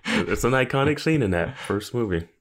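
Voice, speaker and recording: A man's voice: medium pitch, sing-song, normal speed. A man co-hosting a podcast, giving wry, laughing commentary on TV scenes and quoting them in mock voices. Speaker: podcast co-host. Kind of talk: casual recap chat.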